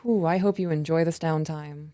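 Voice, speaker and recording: A woman's voice: deep voice, fairly even intonation, moderate pace, warm tone, dry recording. A young woman co-hosting a casual live stream, chatty and a little giggly, reading a listener's email aloud. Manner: chatty, giggly, self-conscious. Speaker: podcast co-host.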